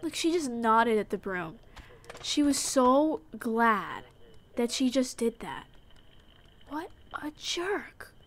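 A woman's voice: on the high side, lively intonation, slow. A woman streamer giving casual gameplay commentary, playful and mock-indignant as she talks to the game's characters in character.

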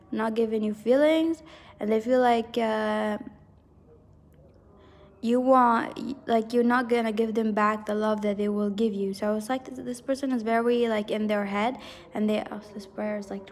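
A woman's voice: fairly high pitch, steady tone, moderate pace, a little mellow, long reverb tail. A woman giving a pick-a-card tarot reading in a rambling, intuitive way, full of fillers and frequent laughs. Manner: intuitive, earnest, laughs often. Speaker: tarot reader.

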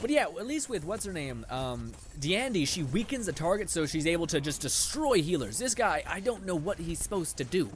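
A man's voice: a little high, a little hiss or hum. A young man giving casual gameplay commentary, sarcastic and frustrated, swearing often and laughing at his own losses. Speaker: gaming channel host.

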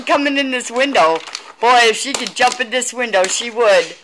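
A woman's voice: on the high side, expressive, moderate pace, background noise. A woman filming her dog on a handheld tablet at home by a window, calling to it in a sing-song, coaxing baby-talk voice. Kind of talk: casual home video talking to a dog. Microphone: tablet held in hand.

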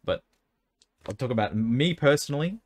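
A man of medium pitch talks expressively at normal speed, with no room sound in the recording. Indoors by an air conditioner, he chats casually through viewer questions about selling cards, rambling, stumbling over words, and hiccuping from a dry mouth.

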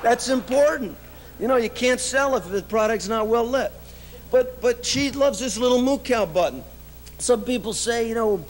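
A man's voice: very high voice, expressive, normal speed, slight background noise. A middle-aged man giving a business speech, telling anecdotes with frequent laughs and many "you know"s. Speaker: business speaker. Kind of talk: keynote storytelling speech. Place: event stage before an audience.

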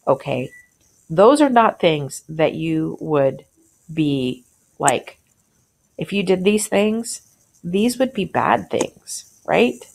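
A woman's voice: lowish voice, big pitch swings, slow, gravelly, a little mellow. A woman teacher walking through a short story in a conversational way, thinking aloud and asking questions as she annotates.

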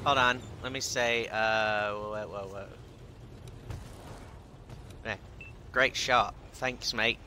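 A man's voice: on the low side, steady tone, slow pace, pauses often, sharp tone, slight background noise. A man giving casual, profane, sarcastic commentary while playing a game, muttering to himself between shots. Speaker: gameplay streamer.

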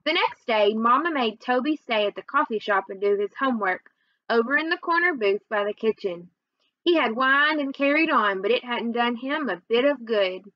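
A woman reading a children's novel aloud in an expressive storytelling manner, narrating in the first person. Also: a little high, no echo, highs cut off. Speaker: reader.

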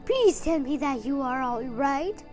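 A woman voicing a doting, excitable gentleman in a children's storybook, gushing with effusive endearments. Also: high voice, measured pace, faint music behind.

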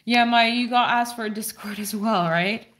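A woman with a slightly bright voice, speaking at normal speed over a faint hiss or hum, hosts a casual live stream with her dog. She baby-talks to the dog in a playful, sing-song way that swings up high, and answers chat viewers with fillers and restarts.

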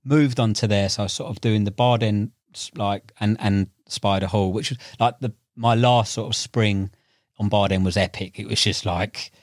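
Low-pitched and moderately paced, a young carp angler chats casually as a podcast guest, heard in clean studio sound without echo. He animatedly acts out quotes in his fishing stories, peppering them with slang and fillers.

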